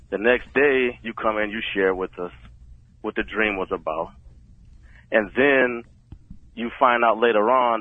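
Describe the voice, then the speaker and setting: A man's voice: lowish voice, dry recording. A man calling in to a radio show, earnestly laying out a scenario over a phone line. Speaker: caller. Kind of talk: phone-in question.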